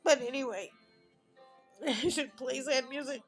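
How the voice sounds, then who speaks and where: A woman's voice: high voice, a little slow, faint music behind, poor audio. A woman in her fifties talking alone at home in a rambling, emotional personal vlog. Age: 50s. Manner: emotional, rambling, tearful at times. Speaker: vlogger.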